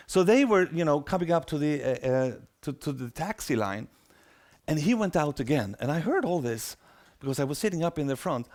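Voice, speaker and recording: A middle-aged man, telling a story in a talk and acting out the voices of people in it. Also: fairly high pitch. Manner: animated, acts out quoted voices. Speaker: speaker.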